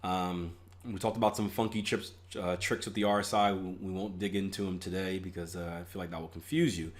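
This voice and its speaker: A young man runs a casual live trading stream, reading viewer comments, joking and laughing at his own humor, with many restarts and filler ums. His low voice has a flat delivery and a slightly fast pace.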